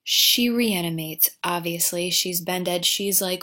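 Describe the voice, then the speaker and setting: A woman's voice: on the low side, a little slow, hardly any pauses, sharp tone. A woman comically recapping a movie plot, full of sarcastic, profane asides.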